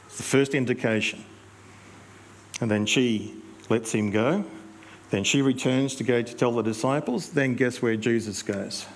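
A male pastor, preaching in a conversational storytelling way with reflective pauses. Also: mid-range voice. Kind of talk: sermon.

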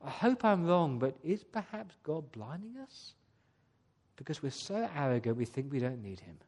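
A man's voice: on the high side, sing-song, moderate pace, a little mellow. A man preaching a sermon to his church, earnestly putting rhetorical questions to the congregation. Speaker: pastor. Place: church service.

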